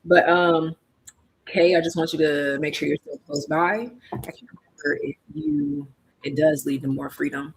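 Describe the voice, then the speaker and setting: A tarot reader giving a casual live-stream reading, chatty and slangy, thinking aloud and swinging between hushed asides and loud exclamations. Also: mid-range voice, fairly even intonation, moderate pace, low-quality recording.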